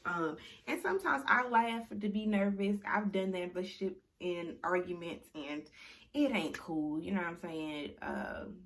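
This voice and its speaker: A young woman in casual chat, recapping reality TV in a slangy, animated storytelling way, full of "like" and "you know". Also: fairly low pitch, moderate pace.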